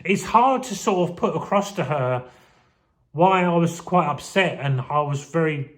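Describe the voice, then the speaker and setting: A man's voice: fairly high pitch, lively intonation, unhurried, a bit bright. A man in his forties reflecting on his childhood in a rambling, heartfelt vlog, getting emotional as he talks. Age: 40s. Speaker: vlogger. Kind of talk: casual personal reflection to camera.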